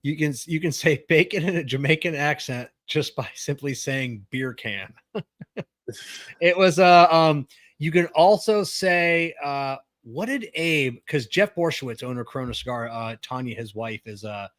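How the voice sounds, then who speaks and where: A man's voice: on the high side, a little slow, fairly bright tone, no room sound, clean studio sound. A man co-hosting a podcast in casual chat, telling rambling stories and laughing often. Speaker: podcast co-host.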